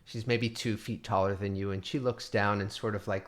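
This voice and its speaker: A man's voice: lowish voice, steady tone, normal speed, few pauses. A man narrating as game master of a tabletop game, rambling with many fillers.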